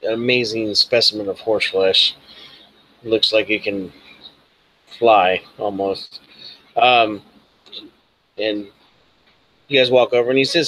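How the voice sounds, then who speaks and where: A man's voice: lowish voice, fairly even intonation, takes it slowly, pauses often, bright, forceful tone, no echo, rough recording. A man narrating a tabletop role-playing game as game master, casual and rambling with many fillers.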